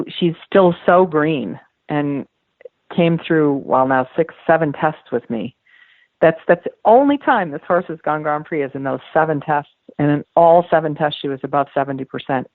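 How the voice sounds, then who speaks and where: Heard through a phone-like line in a dry recording, a low-voiced woman in her fifties, a dressage rider, is interviewed as a podcast guest. She speaks with earnest emphasis and tends to repeat words.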